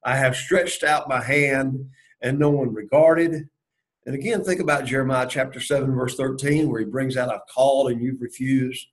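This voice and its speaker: A man's voice: medium pitch, fairly even intonation, moderate pace, low-quality recording. A man leading a Bible study lesson, going through the verses and asking and answering his own questions. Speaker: Bible class teacher.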